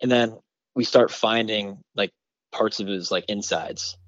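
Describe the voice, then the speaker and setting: A man from Michigan, a bowhunter guest on a podcast, tells a story in an excited, rambling way and packs his talk with "like" and "you know". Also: on the low side, measured pace, no room sound, lo-fi sound. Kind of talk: casual storytelling in a podcast interview.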